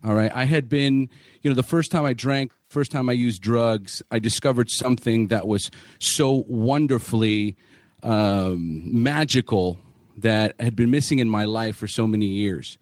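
A man's voice: medium pitch, unhurried, a little mellow, no room sound. Podcast man, candid and blunt, swears freely, dry close mic. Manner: candid, swearing, many fillers and restarts. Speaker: podcast host. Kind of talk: casual podcast story.

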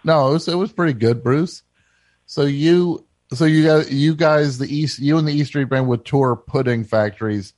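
Brief: male call-in host, mid pitch, deadpan, halting, dry close sound. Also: no echo. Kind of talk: casual call-in radio chat.

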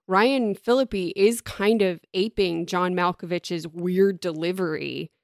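Gravelly, low woman podcast co-host. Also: slow pace, no echo. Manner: thoughtful, dry asides, often trails off quietly. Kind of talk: casual chat.

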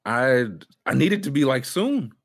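A man chatting casually as a podcast co-host, animated and laughing often. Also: mid-range voice, moderate pace. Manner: animated, laughs a lot, slips into voices. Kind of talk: casual chat.

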